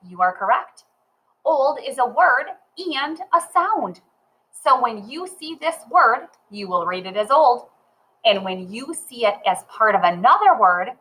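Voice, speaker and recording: A woman teaching a children's phonics lesson, cheerful and slow, talking straight to the child. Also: fairly high pitch, fairly bright tone, rough recording. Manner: cheerful, slow and sing-song, talks to the child. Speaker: reading teacher.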